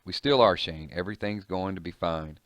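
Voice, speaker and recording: A man's voice: low voice, brisk, no room sound, close to an everyday voice. A man voicing a shaken male sheriff in a comic reading, soothing and pleading. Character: calm, shaken male sheriff trying to talk someone down.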